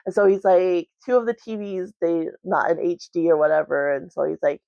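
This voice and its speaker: A woman's voice: lowish voice, steady tone, fairly quick, creaky, hardly any pauses, dark tone, no room sound. A woman vlogger chatting casually about a book at home, rambling with lots of "like" and "um". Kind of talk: casual book review chat. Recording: dry, slightly muffled recording.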